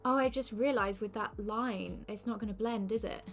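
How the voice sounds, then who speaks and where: A drag queen chats through a makeup tutorial, quick and self-mocking in her asides. Her voice sits in a middling pitch. Soft music plays faintly underneath. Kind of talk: casual makeup tutorial chat. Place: indoors at a makeup station under lights.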